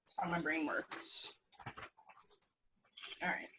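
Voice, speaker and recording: A woman's voice: sits low, little pitch movement, takes it slowly, noisy background. A woman co-hosting a casual podcast, bantering and teasing with frequent laughs. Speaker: podcast co-host. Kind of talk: casual chat.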